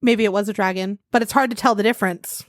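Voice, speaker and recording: A woman's voice: mid-range voice, fairly even intonation, fast, no room sound, clean studio sound. A woman co-hosting a podcast, reacting wryly and reading out research notes in a casual tone. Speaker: podcast co-host.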